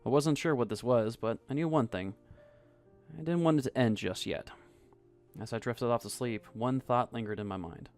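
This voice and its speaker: A man narrating a scripted first-person story in a soft, even storytelling voice. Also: mid-range voice, normal speed. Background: faint music.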